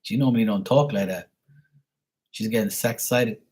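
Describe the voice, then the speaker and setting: A man's voice: on the low side, moderate pace, darkish tone, husky. A man hosting a casual live stream and chatting with viewers, speaking bluntly with plenty of profanity and a rambling flow.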